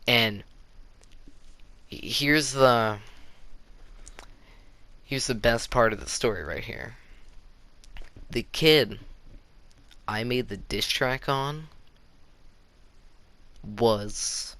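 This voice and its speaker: A man's voice: mid-range voice, drawn-out words, pauses often, sharp tone. A teenage boy telling a casual story-time tale to his viewers, rambling with lots of "like" fillers. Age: teens. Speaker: YouTuber.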